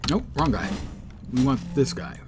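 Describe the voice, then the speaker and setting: A man's voice: mid-range voice, animated, moderate pace, background noise. A man streaming a superhero game live, making joking, self-deprecating asides and reading mission text aloud. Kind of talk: live gameplay commentary.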